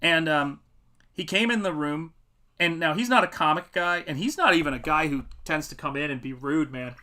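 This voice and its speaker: A middle-aged man, a comic artist, chatting on a livestream and telling animated stories. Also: on the high side, moderate pace. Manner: animated storytelling, acts out quotes. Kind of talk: casual livestream chat.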